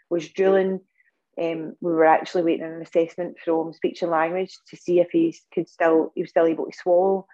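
Scottish woman, podcast guest, low flat voice, mellow tone, earnest storytelling, slightly muffled recording. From Scotland. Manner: earnest storytelling with many fillers and restarts. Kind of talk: casual interview talk.

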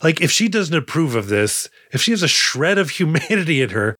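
A man's voice: fairly high pitch, sing-song, brisk, hardly any pauses, a bit bright, no room sound, clean studio sound. A man co-hosting a movie podcast, rambling casually with lots of fillers and acting out quotes. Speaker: podcast co-host. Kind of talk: casual movie-discussion chat.

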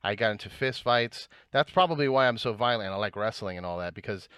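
Man from New Jersey, casual podcast talker, animated and laughing, dry mic. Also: lowish voice, fast, smooth, dry recording. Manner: animated, laughs often, swears. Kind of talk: casual chat.

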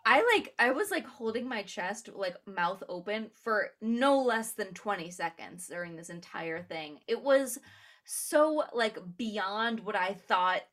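Gushing, excitable woman podcaster. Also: mid-range voice, unhurried. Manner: gushing and excitable, laughs often, heavy use of "like". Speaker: podcast co-host. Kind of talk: casual movie chat.

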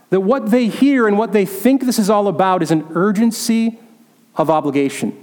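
A man with a high voice preaches a storytelling sermon, now and then slipping into the voices of the people he describes. His words ring out with a long reverb from the church hall around him. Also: normal speed, a little mellow. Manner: storytelling, acts out quoted voices. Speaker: pastor.

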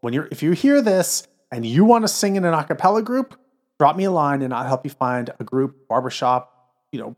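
Energetic, earnest man guest. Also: mid-range voice. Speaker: a cappella producer and arranger, guest. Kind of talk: enthusiastic interview talk.

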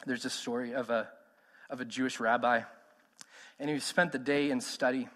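A man's voice: mid-range voice, steady tone, moderate pace, a bit bright, in a large hall. A man in his thirties preaching a sermon, emphatic and conversational, putting questions to the congregation. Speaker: pastor.

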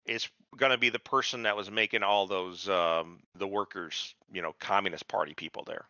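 A man's voice: low voice, steady tone, moderate pace, sharp tone, dry recording, lo-fi sound. A man co-hosting a podcast, ranting in a casual and profane way about a TV episode. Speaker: podcast co-host. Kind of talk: casual TV recap chat.

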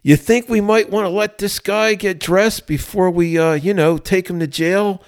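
A man putting on an easygoing police sergeant with a slow, halting drawl full of "uh"s. The voice sits noticeably higher than his own. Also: fairly even intonation. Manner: halting, laid-back drawl with "uh"s.

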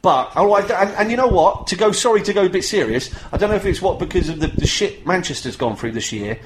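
A man chatting on a wrestling podcast, animated and swearing freely. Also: sits high, fast, echoey room, background noise. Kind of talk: casual wrestling podcast chat.

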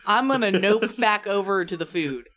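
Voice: medium pitch, moderate pace, a bit bright. GM running a tabletop session, easygoing, laughs between rulings. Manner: laughs often while narrating. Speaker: game master. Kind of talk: narrating a tabletop game.

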